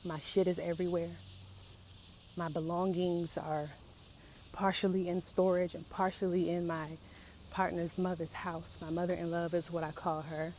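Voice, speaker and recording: A vlogger, a young woman whose voice is fairly low, level and darkish, speaks haltingly and emotionally about hard feelings, circling back to repeat herself. Insects murmur faintly outside, and there's some hiss or hum in this raw confessional clip.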